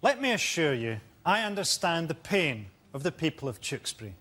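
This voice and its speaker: A man's voice: on the high side, sing-song, brisk, sharp tone, full character voice. A man playing a pompous male politician making a solemn speech.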